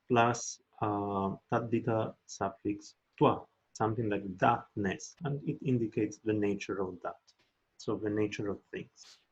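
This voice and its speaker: Husky-voiced man giving a careful lecture. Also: medium pitch, lo-fi sound. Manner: explains slowly and carefully, chants Sanskrit verse in a raised voice. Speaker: lecturer on Buddhist philosophy. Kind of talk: academic lecture.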